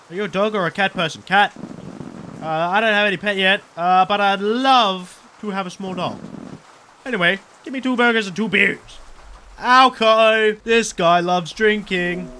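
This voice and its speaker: Aussie guy swearing his way through a game, high bright voice, faint hiss behind. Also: moderate pace. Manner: crude, joking, swears a lot. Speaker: gaming YouTuber. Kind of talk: let's play commentary.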